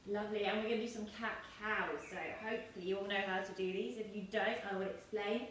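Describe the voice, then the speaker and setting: Woman yoga teacher coaxing kids thru poses, gentle + playful, mic far off, lots of room echo. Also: medium pitch, steady tone, fast talker. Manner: gentle, encouraging, playful instructions. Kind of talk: guiding a kids' yoga class. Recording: echoey room, distant mic, faint noise.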